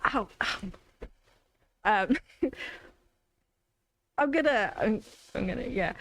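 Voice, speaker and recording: A woman's voice: on the high side, animated, slow, fairly bright tone. A woman playing a tabletop game, talking in a playful, giggly way. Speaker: player. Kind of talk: casual tabletop role-play.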